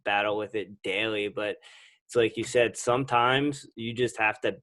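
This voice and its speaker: Low-voiced man hosting a podcast. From New Jersey. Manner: relaxed, conversational, with halting restarts. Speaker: podcast host. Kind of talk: casual interview chat.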